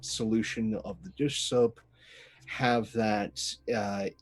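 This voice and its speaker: A man's voice: fairly low pitch, fairly even intonation, takes it slowly. A man playing a tabletop spy game, enthusiastically describing his character's actions in the third person.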